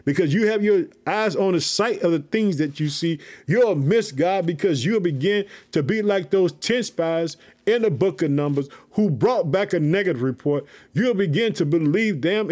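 Fervent high-voiced preacher man. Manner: fervent, repeats "family" and "let me tell you something"; reads scripture slowly, then preaches in bursts. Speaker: preacher and podcast host. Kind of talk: sermon.

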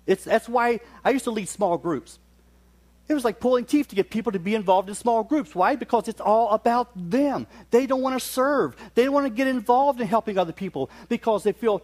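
A middle-aged preacher with a high, light voice. He delivers his sermon in a folksy, joking storytelling way. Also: brisk, a little mellow. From West Virginia.

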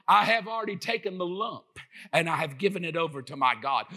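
A middle-aged man preaching an impassioned sermon, often rising to shouts. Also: a little high, expressive, fairly quick.

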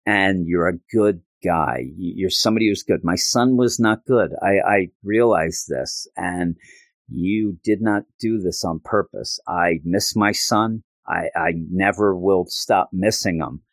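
Man reads a grieving mother, gentle and halting, low-pitched and dry. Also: dry recording. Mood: forgiving. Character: grieving forgiving older mother.

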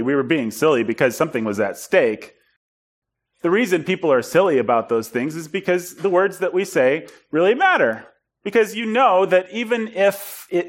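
A man preaching in a storytelling style, animated and self-deprecating, acting out bits of dialogue. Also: on the high side. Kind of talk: storytelling sermon.

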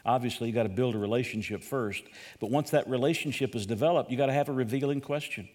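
A man's voice: mid-range voice, fast talker, darkish tone. Older guy preaching a teaching sermon, chatty, keeps repeating himself, long hall echo. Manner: conversational, repeats himself, asks the audience questions. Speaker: pastor.

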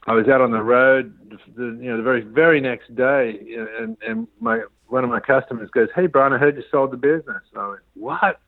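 A man's voice: medium pitch, no echo. Man telling his story down a tinny phone line. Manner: rambling, acts out quoted dialogue. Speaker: business founder guest. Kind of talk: casual storytelling interview.

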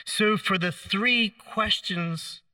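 A man preaching a sermon, telling the story in a conversational way, acting out the quoted lines with gentle humor. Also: sits high, very slow, no echo, recorded from a distance.

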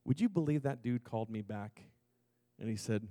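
A man preaching a testimony sermon, moving from hushed, slow moments to loud, excited storytelling. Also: mid-range voice, dry recording. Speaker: pastor.

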